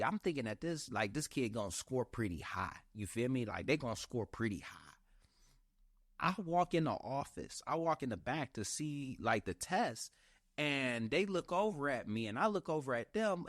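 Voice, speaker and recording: A man hosting a casual podcast chat as a Marine recruiter, telling a story in an animated, profane, emphatic way. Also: medium pitch, dry recording, studio quality.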